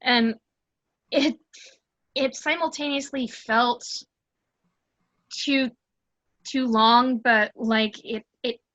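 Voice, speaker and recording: A woman guest in a casual film review chat over a video call, sardonic and quick, often repeating words as she starts. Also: a little high, fairly even intonation, fairly bright tone, no echo, lo-fi sound.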